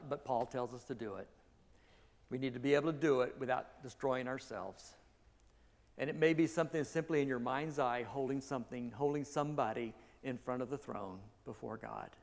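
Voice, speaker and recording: A male pastor giving a conversational sermon, correcting himself as he goes and rising in emphasis at key points. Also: medium pitch. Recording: long reverb of a large hall.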